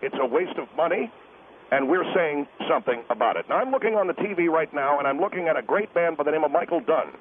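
A pompous, insistent taxpayer crusader, put on by a man, lectures down a tinny phone line in a fairly high voice. He plows on, refusing any interruption, with a faint hiss behind him. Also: lively intonation, fast talker, natural voice. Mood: lecturing. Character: pompous middle-aged male taxpayer advocate. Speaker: caller guest.

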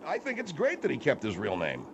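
A man's voice: medium pitch, huge pitch swings, brisk, creaky, very noisy. A man hosting a radio talk show, chatty and exasperated with his guests.

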